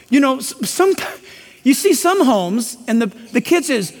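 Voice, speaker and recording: A man's voice: extremely high pitch, sing-song, normal speed, a bit bright. A man preaching a sermon in a church, emphatic and preachy with joking asides. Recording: long hall reverb.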